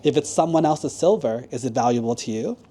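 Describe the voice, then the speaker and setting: A man's voice: medium pitch, a little fast. A man, a monk, telling a children's story in a sermon and asking the listeners questions. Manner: animated, asks the children questions.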